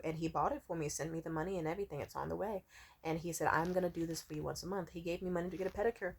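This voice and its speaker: A woman's voice: fairly low pitch, racing. A woman vlogger in a casual storytime rant, rambling and swearing freely, with constant "like" fillers. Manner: profane, rambling, many "like" fillers.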